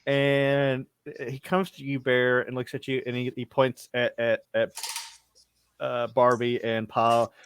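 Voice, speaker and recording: Slow, halting game master man. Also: mid-range voice, completely flat delivery, clear, resonant tone, no room sound. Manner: halting, laughing narration with many restarts. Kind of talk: narrating a tabletop game.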